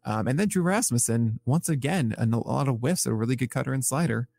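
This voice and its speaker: A man co-hosting a casual podcast, rattling off pitching numbers in a loose, self-correcting way. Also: fairly quick, gravelly, a little mellow, slight background noise. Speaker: podcast co-host. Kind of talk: casual podcast chat about pitching stats.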